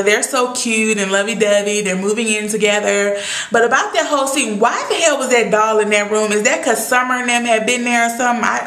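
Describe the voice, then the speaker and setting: This fairly bright, mid-range female voice belongs to a young TV recap vlogger going over an episode. Recorded in an echoey room, she talks casually with sass and strong opinions, throwing in lots of exclamations.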